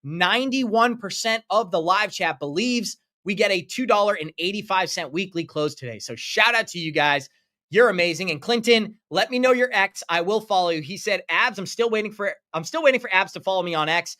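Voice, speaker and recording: A man hosting a crypto livestream speaks fairly quickly in a high, bright, forceful voice with lively intonation. Upbeat and effusive, he thanks viewers by name for their donations while running out of breath.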